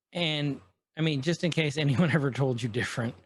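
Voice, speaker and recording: A husky, fairly high-pitched man speaks a little fast, recorded with no echo. As a podcast co-host, he rambles through a casual episode recap, quoting characters loosely amid lots of fillers.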